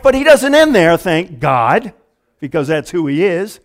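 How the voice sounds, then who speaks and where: A pastor preaching a lively, conversational sermon full of quick asides, in a church. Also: male voice, high-pitched.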